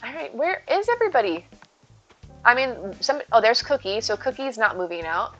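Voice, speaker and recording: A woman's voice: fairly high pitch, very animated, moderate pace, fairly bright tone, muffled recording, soft background music. A woman streamer chatting casually with her viewers while playing, talking sweetly about her cat. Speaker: live streamer. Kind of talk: casual live-stream chat while gaming.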